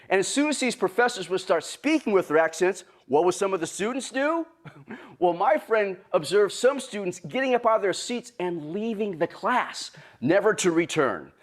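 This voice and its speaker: A man, born in Vietnam, giving an animated, joking keynote talk to a virtual audience. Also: high-pitched. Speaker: guest speaker.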